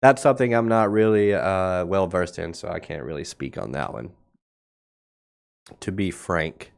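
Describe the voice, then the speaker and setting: A man's voice: deep voice, a little slow, creaky, clear, resonant tone. A man hosting a casual crypto market livestream, talking blunt and sarcastic over charts, with a cough that keeps breaking in. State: coughing now and then. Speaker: crypto market show host.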